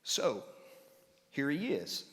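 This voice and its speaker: A man's voice: medium pitch, wildly swooping pitch, very slow, fairly bright tone, big-room sound. A man preaching a conversational Bible-class sermon in a church. He explains patiently and often checks in with his listeners by asking them questions.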